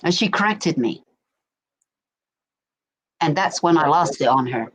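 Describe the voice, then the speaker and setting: A woman's voice: low voice, lively intonation, a little slow, breathy edge, low-quality recording. A middle-aged woman from England with a Berkshire accent, chatting casually on a stream and often asking "do you know what I mean". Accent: English, Berkshire. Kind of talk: casual chat. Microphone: desk mic.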